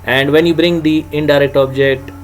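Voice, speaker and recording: A man's voice: a little high, steady tone, moderate pace, a little hiss or hum, rough recording. A man teaching an English grammar lecture, stressing his example sentences and often adding "you know" and "uh". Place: home or small room, recorded alone for video.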